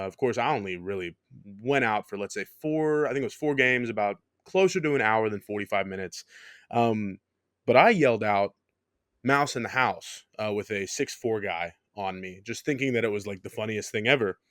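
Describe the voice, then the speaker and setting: A man's voice: lowish voice, no room sound, clean studio sound. A young man co-hosting a sports podcast, rambling and joking with lots of ums. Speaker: podcast co-host. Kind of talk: casual sports podcast chat.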